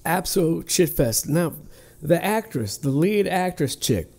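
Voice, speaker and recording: A man co-hosts a casual podcast chat, loose and profane, rambling through his points. He is getting over a cold. His pitch rises and falls in a lively way. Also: a little slow, creaky. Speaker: podcast co-host.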